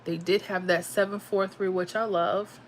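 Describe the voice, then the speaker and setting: A woman's voice: mid-range voice, little pitch movement, moderate pace, a little hiss or hum. A woman hosting a casual livestream, chatting animatedly and reading out viewer comments and lottery numbers. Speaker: livestream host.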